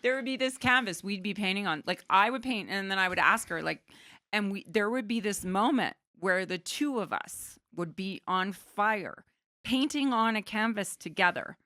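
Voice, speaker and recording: A woman from Canada, a guest artist on a podcast, talking in an animated, casual way. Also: mid-range voice, moderate pace, dry recording, clean studio sound. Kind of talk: casual interview chat.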